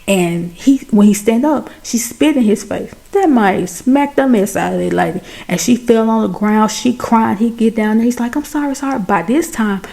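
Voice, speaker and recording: A woman recaps a film in a chatty, animated way, speaking straight to her viewers. Her voice is dark and mellow, with a gravelly fry running through it. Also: fairly high pitch. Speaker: movie recap host. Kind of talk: casual movie recap.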